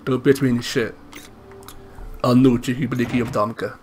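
A man's voice: medium pitch, normal speed, faint music behind. A young man giving casual, profane commentary while playing a shooter, yelping and laughing as he goes. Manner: excitable, profane, yelps and laughs. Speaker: gamer.

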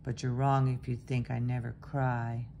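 Lady doing an old horse, slow n calm, low gravelly voice. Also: slight background noise.

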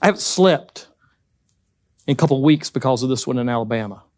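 A man's voice: medium pitch, lively intonation, brisk, darkish tone, dry recording. A man with a Southern US accent giving a conversational church talk, folksy and emphatic, with joking asides. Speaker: guest speaker at church. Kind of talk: conversational sermon. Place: church hall.

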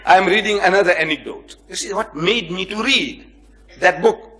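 A man lecturing before a live audience, his voice sitting a little high for a man. He tells his stories with animation and plays out the people in them. He also speaks straight to his listeners, joking with them and scolding them. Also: moderate pace. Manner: animated storyteller who acts out the people in his anecdotes; addresses the audience directly, joking and chiding. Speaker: lecturer on comparative religion. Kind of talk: public lecture with storytelling.

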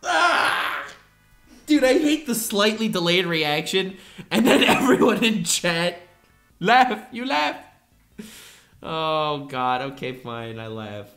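A woman hosting a meme reaction video, exclaiming in disbelief and then giving flat mock-deadpan verdicts. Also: on the low side, slow, soft background music. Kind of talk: casual reaction commentary.

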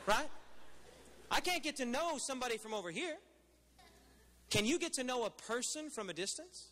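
High, bright-voiced preacher man in a hall. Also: lively intonation, normal speed, pauses often. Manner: conversational preaching, asks the crowd questions. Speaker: pastor. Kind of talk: sermon.

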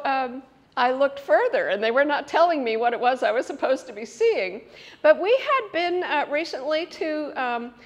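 A middle-aged woman giving a conference talk, telling lively personal stories and breaking into laughter as she explains an idea. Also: medium pitch. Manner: animated storytelling with laughs and loud acted quotes. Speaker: conference speaker. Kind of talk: storytelling lecture.

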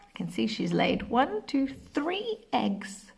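British woman, early-years teacher; slow, very melodic delivery with frequent soft whispers. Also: mid-range voice, big pitch swings, creaky, highs cut off. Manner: slow, sing-song, drops to soft whispers. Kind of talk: early-years remote lesson.

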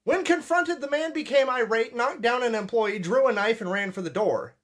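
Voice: medium pitch, normal speed, fairly bright tone. A speaker reading a police report aloud in a clip, holding back laughter, with dry asides. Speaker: reader of a news story in a clip.

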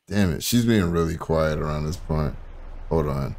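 A man's voice: rumbling low, expressive, moderate pace, darkish tone. A man hosting a casual reaction stream who rambles, laughs and curses while hunting through clips. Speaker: streamer host.

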